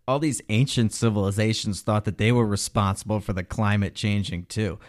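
A man delivering a sarcastic, exasperated political rant as a commentator, mocking and scolding. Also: lowish voice. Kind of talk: ranting monologue.

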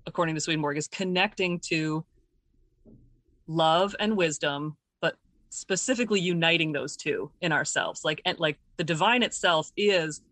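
A woman answering interview questions in a thoughtful, searching way, pausing often with fillers and restarting her sentences as she explains ideas. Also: low-pitched, fairly bright tone. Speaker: interview guest. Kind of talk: reflective conversational explanation.

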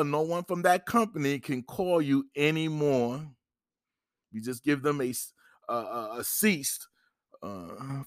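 Middle-aged guy doing his advice podcast, kinda high voice, dry sound, keeps repeating himself for emphasis. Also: dry recording. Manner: repetitive, emphatic, acts out phone calls. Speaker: podcast host giving credit advice. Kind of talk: instructional podcast monologue.

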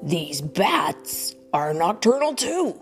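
A woman voicing a calm, wise father rabbit explaining gently in a bedtime storybook reading. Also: fairly low pitch, slow, soft background music. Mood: gentle.

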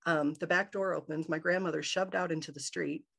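A woman from Michigan, a podcast guest, telling a personal story in a lively way and acting out her own thoughts. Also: low-pitched, a little fast, vocal fry, breathy edge. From Michigan, USA. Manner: animated, acts out her own inner thoughts in quotes.

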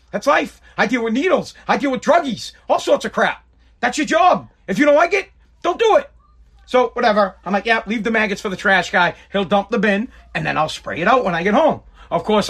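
High, bright-voiced ranting man. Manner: ranting, profane, repeats himself. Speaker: podcast host. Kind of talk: casual rant.

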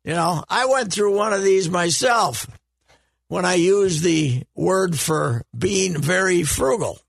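An older man on a sports talk show, telling stories in an animated way and bursting into loud exclamations. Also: sits high, takes it slowly, creaky, no room sound, studio quality. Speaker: sports radio regular. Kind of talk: casual chat.

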